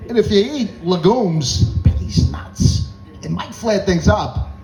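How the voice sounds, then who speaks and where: A man doing a halting deadpan doctor. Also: sits high, reverberant, a little hiss or hum, voice pushed up, exaggerated voice, rough recording. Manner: halting, oddly stressed delivery. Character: slow, raspy older male doctor.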